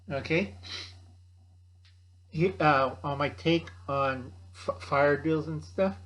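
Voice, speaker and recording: A man in his sixties hosting a casual vlog, gruff and blunt, joking and acting out other people in a higher voice. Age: 60s. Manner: gruff, blunt, jokey, calls himself by name. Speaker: channel host. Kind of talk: casual rambling chat.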